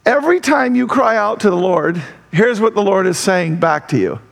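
Animated, gravelly-voiced male pastor. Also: high voice, moderate pace. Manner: animated, conversational, laughs often. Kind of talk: sermon.

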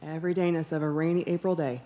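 A woman from the church talks fast through her personal testimony, her low, mellow voice showing little pitch movement. She tells the story earnestly, acting out the dialogue she recounts and repeating phrases for emphasis.

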